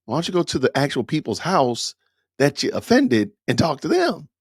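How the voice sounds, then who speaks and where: A man's voice: fairly high pitch, wildly swooping pitch, normal speed, slightly rough, no echo, studio quality. A man hosting a podcast, giving emphatic, lecturing, repetitive commentary. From Atlanta, USA. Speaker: podcast host.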